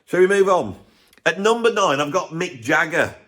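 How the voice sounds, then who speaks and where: A man's voice: a little high, sing-song, normal speed, fairly bright tone. A man hosting a music channel, ranting his blunt opinions in casual talk to camera with chuckling asides.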